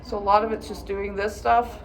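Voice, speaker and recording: A woman's voice: medium pitch, flat delivery, a little fast, a little hiss or hum. A woman viola teacher patiently walking students through practice steps, sometimes chanting rhythm words. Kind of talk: instructional practice walkthrough.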